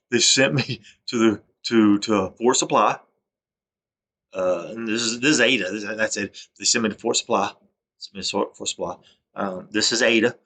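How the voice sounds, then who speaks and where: A man's voice: on the low side, a bit bright. A man in a rambling, self-recorded monologue, stammering and restarting as he airs grievances. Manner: aggrieved, accusatory. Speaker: vlogger.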